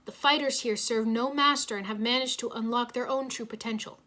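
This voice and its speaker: A woman voicing a stern, wry older male mentor who speaks in measured pronouncements. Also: a little high, fairly even intonation, pushed and bright.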